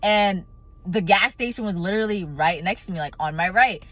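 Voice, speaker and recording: A young adult woman telling a casual storytime vlog, animated and laughing often. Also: mid-range voice, unhurried, pauses often. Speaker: vlogger.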